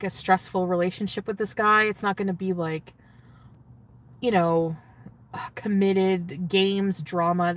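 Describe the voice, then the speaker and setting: A woman talks on a casual livestream, giddy and gushing. Her sentences trail off and break into laughter, and her pitch sits mid-range for a woman. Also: a bit bright.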